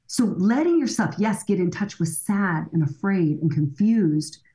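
A woman being interviewed as a counselor, explaining in an animated way. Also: medium pitch, unhurried. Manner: animated, explanatory, acts out quoted voices. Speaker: counselor and guest. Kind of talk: interview conversation.

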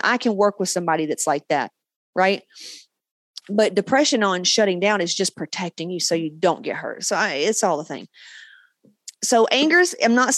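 A woman's voice: mid-range voice, dry recording. Blunt, profane woman coach, dry sound. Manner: blunt, profane, animated pep talk. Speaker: podcast host and coach. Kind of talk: casual motivational monologue.

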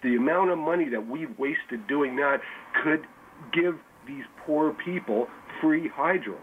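A man's voice: a little high, unhurried. Emphatic male caller, tinny phone line, faint background noise. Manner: indignant, emphatic. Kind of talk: call-in radio.

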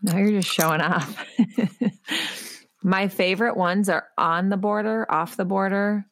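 A woman's voice: mid-range voice, steady tone, dry recording, studio quality. A woman who is a mother, co-hosting a podcast and telling stories in a teasing, laughing way. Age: adult, a mother. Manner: storytelling, teasing, quick to laugh. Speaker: podcast co-host. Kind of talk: casual chat.

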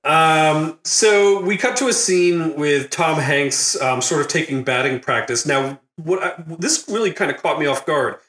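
A man hosts a laid-back movie recap podcast in a somewhat high, bright voice. He laughs often and jumps into loud, high-pitched impressions when he quotes scenes. The room around him sounds echoey. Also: unhurried, few pauses. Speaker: podcast host.

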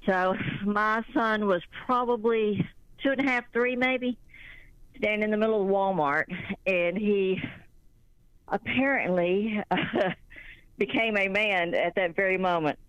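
A woman with a Southern US accent calling in to tell a story, animated and laughing as she talks. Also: medium pitch, slow, smooth, no room sound. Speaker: caller. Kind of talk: phone-in storytelling. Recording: muffled phone-in line.

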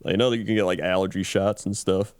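A man co-hosting a podcast, answering in laid-back, quieter casual chat. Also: deep voice, steady tone, fast talker, clear, resonant tone, no echo, clean studio sound. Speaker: podcast co-host.

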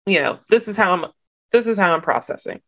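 A woman hosting a podcast, chatting candidly with quick asides. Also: on the low side, lively intonation, fairly bright tone. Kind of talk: casual podcast chat.

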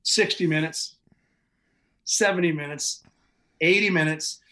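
A man's voice: fairly high pitch, a little slow, bright, forceful tone, low-quality recording. A man, a podcast guest, recounting events in casual, vivid, matter-of-fact storytelling with occasional chuckles.

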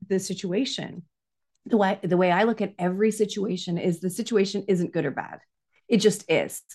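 Speaking as a parenting coach, a woman with a slightly mellow, medium-pitched voice explains things conversationally as a guest. She's earnest and keeps checking in with "right?"

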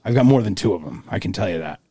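A man co-hosting a casual podcast, cracking jokes and slipping into goofy voices. His pitch swings widely, his tone is mellow and dark, and the sound is dry and close. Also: expressive, very fast, slightly rough, dry recording. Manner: jokey, laughing, silly put-on voices. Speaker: podcast co-host. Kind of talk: casual banter.

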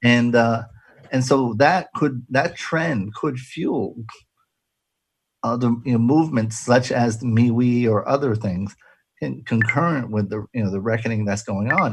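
A man's voice: mid-range voice, unhurried, slightly rough, no echo. A man hosting a casual radio talk show, chatty and jokey, rambling with restarts.

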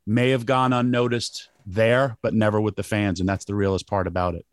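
Low-voiced male podcast host, dry sound. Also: flat delivery, a little fast, dry recording. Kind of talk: casual interview chat.

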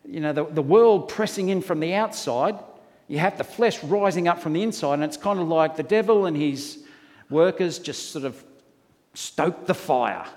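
A man's voice: high-pitched, darkish tone, long reverb tail. A man preaching a sermon, telling folksy stories and asking rhetorical questions. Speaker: pastor.

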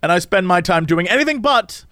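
High, lively-voiced man in casual chat. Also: a little fast, dry recording, studio quality. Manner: animated, playful, mimics others in quoted voices. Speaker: podcast co-host.

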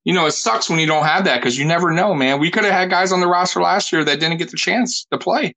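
A man's voice: high voice, quick pace, gravelly, sharp tone, low-quality recording. A man hosting a casual sports chat, blunt and emphatic, often saying "bro". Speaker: podcast host.

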